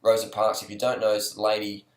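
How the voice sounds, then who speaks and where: A man's voice: lowish voice, monotone, fast. A man talking in a mocking, ironic way in casual chat. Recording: echoey room.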